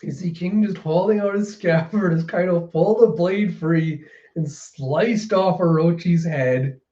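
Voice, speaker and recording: Animated man recapping in a mellow voice. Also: high voice, measured pace. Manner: animated, retelling with frequent fillers. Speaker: manga reviewer. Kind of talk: casual reaction commentary. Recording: roomy, slightly dull recording.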